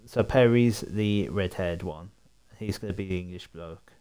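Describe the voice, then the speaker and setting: A man streams a video game and chats casually, joking as he plays. His voice is fairly low. The talk is loose and offhand. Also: a little slow, hardly any pauses, warm tone, clear, resonant tone, low-quality recording. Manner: joking, chatty. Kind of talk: casual gameplay commentary.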